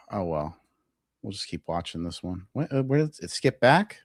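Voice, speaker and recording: Low-voiced man swearing through a reaction. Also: no echo, clean studio sound. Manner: profane, incredulous. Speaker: commentary host. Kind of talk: casual reaction commentary.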